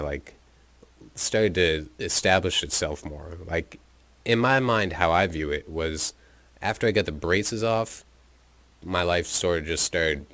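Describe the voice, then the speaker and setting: A man's voice: low-pitched, a bit bright. A man telling a personal story in a rambling, profane, casual way into his own microphone, with chuckles and filler words. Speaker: podcast storyteller.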